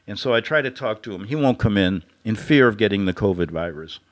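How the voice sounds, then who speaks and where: An animated male radio host spins a rambling satirical monologue. His pitch rises and falls a great deal as he tells the story, and he chuckles at his own jokes along the way. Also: fairly quick.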